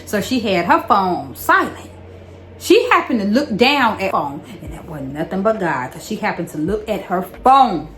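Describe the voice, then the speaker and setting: A young woman tells a wild story from her own life in a loose, animated vlog voice. She swears freely and circles back on her words, repeating lines to hammer them home. A faint hum of room noise sits under her voice. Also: medium pitch, moderate pace. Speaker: vlogger. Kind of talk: casual storytime.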